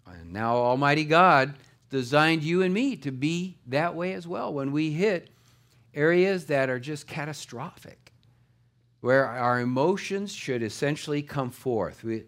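A man's voice: on the high side, expressive, unhurried, a bit bright. A middle-aged man preaching a sermon to his congregation in a conversational way, with rising and falling emphasis. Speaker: pastor.

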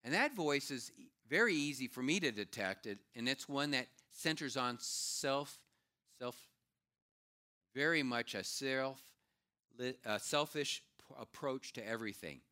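Animated male preacher. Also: a little slow. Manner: animated preaching, swinging from raised emphatic lines to low quiet asides. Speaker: pastor. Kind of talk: sermon.

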